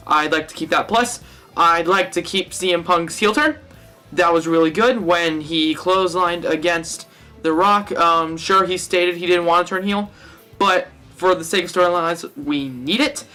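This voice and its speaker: Young guy with a high bright voice, rambly and jokey, fixes himself mid-sentence, faint music behind. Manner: rambling, self-correcting and jokey. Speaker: wrestling fan vlogger. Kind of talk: casual fantasy-booking monologue.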